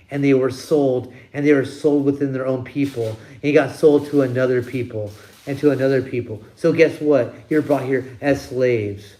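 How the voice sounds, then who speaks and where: A man's voice: mid-range voice, mellow. A man hosting his own channel, delivering a blunt, profane opinion rant with plenty of emphasis. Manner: blunt, emphatic, heavy swearing. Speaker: channel host.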